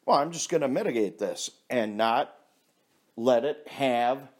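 A man's voice: mid-range voice, lively intonation, a little slow, a little mellow. A man delivering a casual, blunt ranting monologue, heavy on swearing and laughing at his own stories. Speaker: vlogger.

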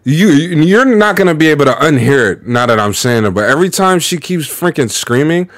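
A man's voice: fairly high pitch, lively intonation, fairly quick, fairly bright tone, no echo, clean studio sound. A man hosting a reaction video, giving slangy, exasperated commentary.

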